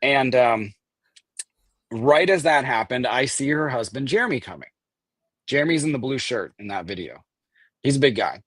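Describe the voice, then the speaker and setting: A man as a guest, telling a story in casual talk, animated and swearing, acting out the people he quotes. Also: medium pitch, moderate pace, long pauses, husky, no echo. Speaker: guest recounting an event.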